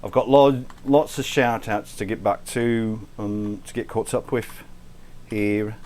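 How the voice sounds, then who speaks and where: A man's voice: lowish voice, steady tone, slow pace, darkish tone. Chatty man hosting a cooking stream. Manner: chatty, rambling, thanks viewers by name; frequent self-interruptions and light swearing. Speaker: cooking livestream host. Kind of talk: casual live-stream chat while cooking.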